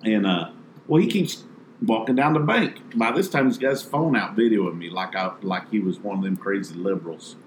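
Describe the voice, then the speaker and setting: A professional bass angler telling a story in casual talk, animating it by acting out the others. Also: male voice, normal speed, roomy sound, a little hiss or hum.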